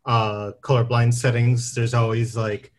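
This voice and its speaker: A man game designer, a podcast guest, explaining things calmly in casual chat. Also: mid-range voice, unhurried, slight background noise. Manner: calm, explanatory.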